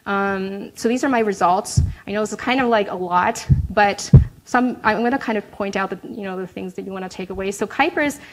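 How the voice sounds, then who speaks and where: A woman's voice: medium pitch, fairly quick, low-quality recording. A young adult woman presenting her research in an academic talk, explaining results with frequent "right?" check-ins and filler words.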